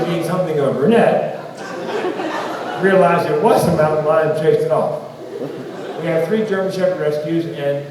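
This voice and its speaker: A middle-aged man with a Southern US accent doing stand-up comedy, telling stories and acting out voices in quotes. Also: fairly high pitch. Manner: storytelling, acts out voices in quotes. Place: large hall on stage. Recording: roomy hall from a distance, audience noise.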